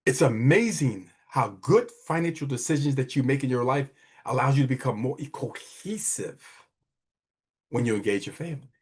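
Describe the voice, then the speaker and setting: A man's voice: medium pitch, expressive, normal speed, breathy edge. A middle-aged man hosting a wealth podcast, giving emphatic, preachy motivational money talk and repeating phrases for effect. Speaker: wealth advisor and podcast host.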